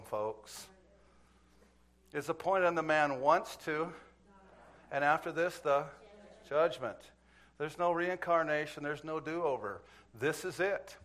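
A man's voice: a little high, a bit bright. A man preaching a sermon, telling a story in a folksy, chuckling way and speaking to the crowd as folks.

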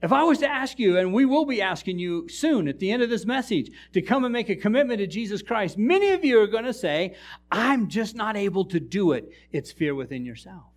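Animated high-voiced male preacher. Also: brisk, hardly any pauses. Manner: animated storytelling preacher, jokes with the congregation. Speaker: pastor. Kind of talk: sermon. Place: church.

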